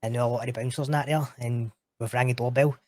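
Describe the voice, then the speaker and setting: Scottish guy telling stories on a podcast, swears a lot, gets animated, dry sound. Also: medium pitch, fast, dry recording. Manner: animated, sweary, quotes others in raised voice. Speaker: guest. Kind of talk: casual storytelling chat.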